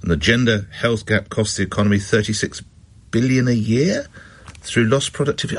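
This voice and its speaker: Man, radio phone-in host, husky, low-pitched, chatty, wry asides. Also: fairly quick.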